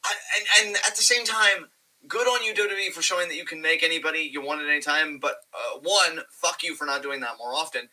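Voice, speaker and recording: A man co-hosting a casual wrestling review podcast, talking in an animated, profane and rambling way. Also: a little high, quick pace, poor audio. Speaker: podcast co-host.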